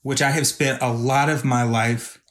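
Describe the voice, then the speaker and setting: A man's voice: mid-range voice, steady tone, a little slow, a bit bright. A man speaking as a podcast guest who makes videos. He talks in an earnest, reflective way and is openly emotional. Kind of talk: casual podcast conversation.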